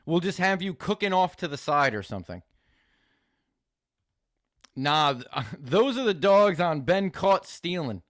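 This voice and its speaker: A man's voice: on the high side, big pitch swings, measured pace, long pauses, fairly bright tone, no echo, studio quality. A man hosting a live stream, chatting casually with viewers in a crude, joking, rambling way, swearing often. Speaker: streamer host reacting to videos.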